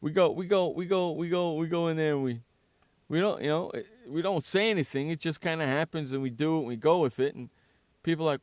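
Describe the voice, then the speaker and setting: A man's voice: fairly high pitch, fast talker, no room sound. A man hosting a sports radio show in casual chat, teasing his co-host, joking and repeating himself. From San Diego.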